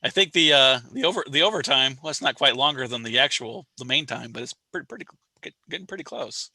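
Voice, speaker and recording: Bright-voiced man hosting an astronomy stream. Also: mid-range voice, fast, no room sound. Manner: relaxed, rambling, self-deprecating humor. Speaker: astronomy outreach host. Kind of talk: casual livestream chat. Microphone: online call mic.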